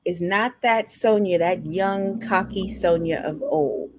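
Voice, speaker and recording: A woman's voice: fairly low pitch, takes it slowly, a little hiss or hum. A woman guest in a podcast interview, a motivational speaker telling her personal story in an earnest way and acting out remembered conversations. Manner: earnest, acts out remembered dialogue.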